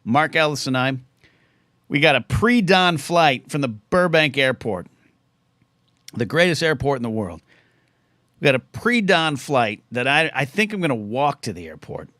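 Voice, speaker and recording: A man's voice: medium pitch, sing-song, a little slow, sharp tone, dry recording, studio quality. A man hosting a live call-in talk show, rambling casually and often restarting his sentences. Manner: rambling, self-interrupting. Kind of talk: casual livestream chat.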